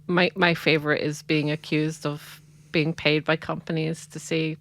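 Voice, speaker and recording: A woman co-hosting a podcast in casual chat, laughing often and animated. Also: low-pitched, moderate pace, a little hiss or hum. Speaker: podcast co-host.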